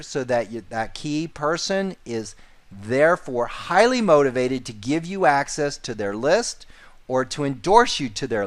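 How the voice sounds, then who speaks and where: A man teaching a sales course, repeating key points and stressing important words. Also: a little high. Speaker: sales trainer. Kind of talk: instructional course narration.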